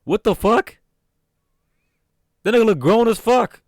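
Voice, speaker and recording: A man's voice: sits high, lively intonation, measured pace. Blunt, profane young man reacting. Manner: blunt, profane, unfiltered banter. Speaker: reaction video host. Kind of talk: casual reaction commentary.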